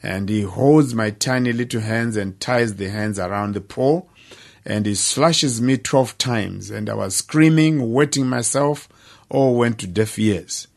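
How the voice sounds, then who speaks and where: A man's voice: mid-range voice, vocal fry. Older man telling his story. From Zimbabwe. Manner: earnest, plain-spoken storytelling with dramatic pauses. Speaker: speaker sharing his life story. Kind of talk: personal testimony.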